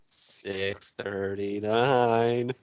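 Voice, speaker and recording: A man in an online tabletop game, tossing out dry wisecracks between moves. His voice sits a little low. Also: steady tone, drawn-out words, noisy background. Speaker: player. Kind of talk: tabletop role-play over voice chat.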